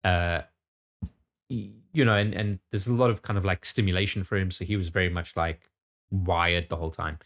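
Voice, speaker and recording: A man's voice: sits low, steady tone, normal speed, fairly bright tone. A man in his thirties from the UK, co-hosting a casual podcast chat, rambling with lots of restarts and casual swearing. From United Kingdom. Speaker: podcast co-host.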